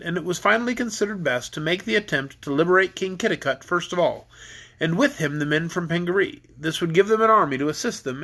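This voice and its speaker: A man's voice: a little high, vocal fry, fairly bright tone. A man reading a children's book aloud to his kids, easygoing, sometimes stumbling and rereading.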